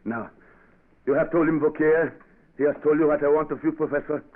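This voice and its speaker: A man's voice: a little high, fairly quick, close to an everyday voice. An actor playing a ruthless male governor and former rebel chief, commanding and impatient, dropping French words into his lines, in a 1940s radio drama. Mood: brusque. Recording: tinny old radio broadcast.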